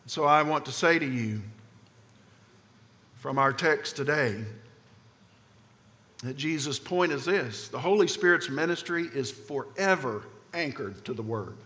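A man preaching a sermon as pastor, emphatic, often sinking low and quiet at the ends of phrases. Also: animated, measured pace, long pauses. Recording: long hall reverb.

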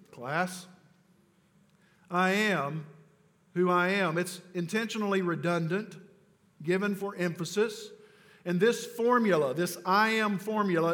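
A man preaching a sermon, who swings between loud, urgent declarations and low, slow, quiet emphasis, and drops casual asides into his scripture teaching. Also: long reverb tail. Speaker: pastor.

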